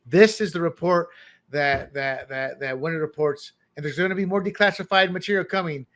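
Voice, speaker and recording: A man co-hosting a political talk show, animated and joking, often restarting his words. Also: on the high side, a little fast. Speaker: podcast co-host. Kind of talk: political commentary chat.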